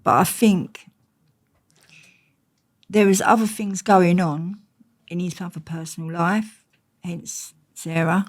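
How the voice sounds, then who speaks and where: A woman's voice: on the low side, takes it slowly, long pauses. A woman, a guest telling blunt, slangy stories in an interview. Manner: blunt, slangy, animated storyteller. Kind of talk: storytelling in an interview.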